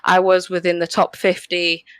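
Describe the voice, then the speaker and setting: A woman's voice: fairly low pitch, monotone, moderate pace, a bit bright, clean tone, dry recording. A woman in her thirties from Australia, with a mixed Australian, English and Canadian accent, chatting casually on a podcast with lots of fillers and laughs. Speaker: podcast co-host.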